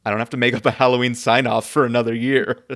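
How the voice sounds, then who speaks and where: A man hosting a podcast in relaxed conversation. His voice sits at an ordinary middle pitch. He talks hesitantly, with lots of "um"s, and chuckles often. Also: fast. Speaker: podcast host. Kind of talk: casual chat.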